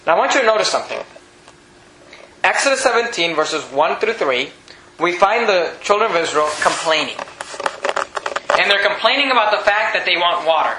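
A man preaching a sermon, animated and rising to near shouts on key points, reading scripture in a lower, slower voice. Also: a little hiss or hum. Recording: echoey room with faint ambience.

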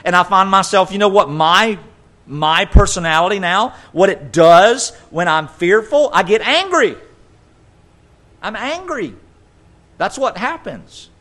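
A man's voice: high voice, a bit bright. A male pastor preaching a sermon emphatically, repeating phrases and stopping to correct his own words. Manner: emphatic, repetitive, self-correcting.

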